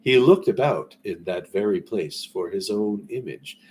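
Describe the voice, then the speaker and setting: A man reading a classic story aloud in a relaxed way, breaking off now and then for rambling, conversational asides. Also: lowish voice, measured pace, a little hiss or hum. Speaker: story reader.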